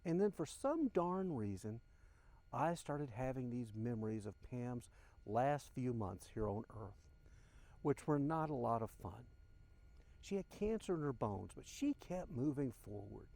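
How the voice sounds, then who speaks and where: Earnest older man, mellow voice. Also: medium pitch, lively intonation, measured pace, vocal fry. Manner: earnest, emotional, speaks directly to listeners. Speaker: podcast host. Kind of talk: reflective personal monologue.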